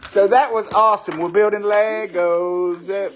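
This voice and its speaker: A man's voice: sits high, steady tone, a little slow. An older man, chatting playfully with his grandchild at home as grandfather and host, chuckling and coaxing. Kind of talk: casual family chat. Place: indoors at a family home.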